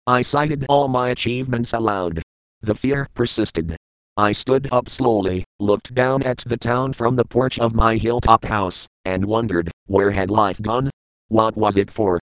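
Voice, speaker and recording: A man reads an audiobook in the first person, measured and reflective. His voice is smooth and resonant, at a middle pitch. The recording is close and dry. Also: dry recording, low-quality recording. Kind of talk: audiobook narration.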